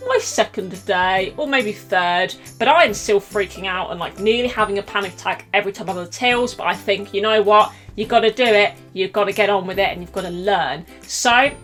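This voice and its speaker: A young woman chatting through a storytime vlog, animated and laughing often as she acts out the quotes. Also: mid-range voice, a little fast, hardly any pauses, soft background music. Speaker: YouTuber telling a story. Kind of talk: casual storytime chat.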